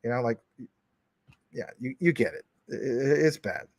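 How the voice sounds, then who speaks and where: A man's voice: medium pitch, moderate pace, dry recording, studio quality. A man hosting a live stream from his couch at home, chatting casually with viewers in a rambling, jokey way and teasing commenters. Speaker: livestream host.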